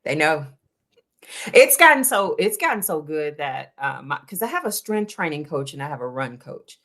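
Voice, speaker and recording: With a low voice at a moderate pace, this endurance runner chats casually on an interview show about her running coach. Her storytelling is animated, and she acts out the dialogue she quotes.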